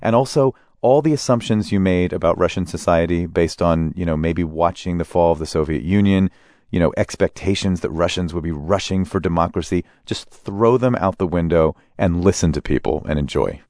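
A man as an interview guest, telling relaxed anecdotes about his travels and laughing as he goes. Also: low-pitched, a little fast, dry recording, clean studio sound. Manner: relaxed anecdotal storyteller, laughs mid-sentence. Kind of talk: conversational storytelling.

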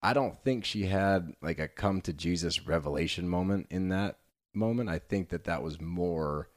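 A man with a very low, deep voice co-hosts a chatty podcast. He talks in an animated, sarcastic way and swears freely. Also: normal speed. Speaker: podcast co-host. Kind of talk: casual chat recapping reality TV.

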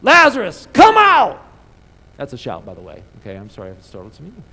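A man preaching a sermon in church, animated, calling the congregation to answer back. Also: low voice, very fast, gravelly, slight background noise, low-quality recording. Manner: animated preaching with call-and-response. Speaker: pastor. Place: church sanctuary.

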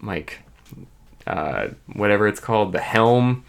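A man with a very deep voice chats casually as a podcast co-host. He sounds laid-back and dry, and he sprinkles his speech with filler words. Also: lively intonation, unhurried, creaky. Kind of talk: casual chat.

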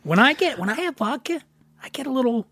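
A man's voice: very high-pitched, sing-song, quick pace, pushed and bright, husky, no room sound. A male podcast host in casual chat, joking loosely and swearing freely.

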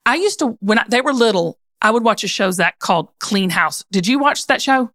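A woman with a Southern accent hosting a podcast, chatting in a gushing, animated and folksy way. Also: a little high, a little fast, no echo, studio quality. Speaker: podcast host. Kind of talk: casual chat.

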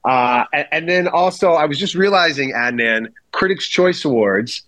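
A man guesting on a podcast as a film critic, chatting in a relaxed, easygoing way. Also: a little high, moderate pace, no echo. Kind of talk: casual podcast chat.

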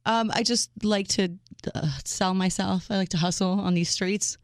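A woman co-hosts a playful radio talk show, bubbly and teasing. Her voice sits at an ordinary middle pitch. It is recorded dry and close, with no room around it. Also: steady tone, moderate pace, no echo. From United States, Serbian family.

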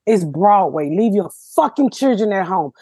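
Brash, profane woman host, husky voice. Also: mid-range voice, lively intonation, normal speed, warm tone, dry recording. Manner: brash, profane storytelling with big laughs. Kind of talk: casual podcast chat.

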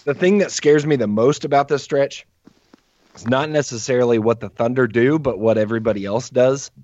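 A man co-hosting a podcast with the hiccups, talking casually in a measured, analytical way. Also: mid-range voice, a little mellow. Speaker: podcast co-host. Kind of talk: casual sports chat. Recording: dull lo-fi audio.

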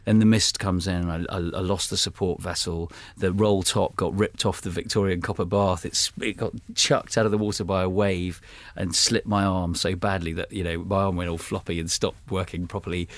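A man's voice: deep voice, little pitch movement, a little fast, dry recording. A British man, a guest author, telling a self-mocking, humorous story in a rambling, casual way.

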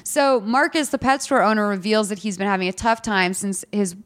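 A woman's voice: mid-range voice, fairly quick, a bit bright. A woman hosting a podcast, chatty and giggly as she recaps a movie. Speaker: podcast host. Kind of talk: casual movie recap chat.

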